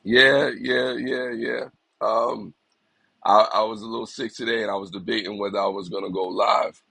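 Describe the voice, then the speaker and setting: The voice is fairly low, level, and fairly quick, with vocal fry, husky texture, and a bit of brightness, captured in a dry, low-quality recording. He's a man in his forties, a little sick with a slight cough, hosting a casual motivational livestream where he greets viewers by name, reflective and encouraging.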